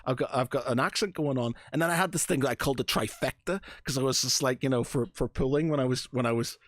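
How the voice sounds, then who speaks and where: A man's voice: mid-range voice, fast, dry recording. Rambling Northern Irish man, dry close sound. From Northern Ireland. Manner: rambling storyteller, lots of fillers and animated asides. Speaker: podcast co-host. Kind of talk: casual chat.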